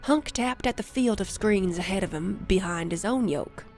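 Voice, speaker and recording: A woman reading an action story aloud as narrator in a measured storytelling manner. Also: medium pitch, a little mellow. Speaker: audiobook narrator. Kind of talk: scripted narration. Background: faint music.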